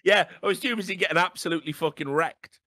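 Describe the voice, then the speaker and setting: Man in his thirties hosting a chat show, animated and sweary, with a bright, dry, close-up sound. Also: sits high, fast, no room sound. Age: 30s. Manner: animated, swears freely, frequent "right?". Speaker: podcast host. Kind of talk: casual storytelling chat.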